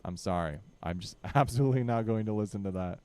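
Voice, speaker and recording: A man's voice: fairly low pitch, fast, warm tone, smooth. A young man giving casual commentary while playing a strategy game, barking orders at his units and grumbling with joking exasperation. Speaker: gaming channel host.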